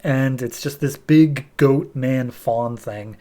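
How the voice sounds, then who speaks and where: A young adult podcast host with a medium-pitched, warm voice recaps a comic at a slow pace. His style is loose and casual, full of fillers and restarts, and he acts out the dialogue.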